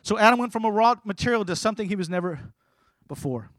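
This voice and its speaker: Fast, high-voiced preaching man. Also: lively intonation, no echo. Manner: emphatic, rising to loud preaching. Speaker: pastor. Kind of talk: sermon.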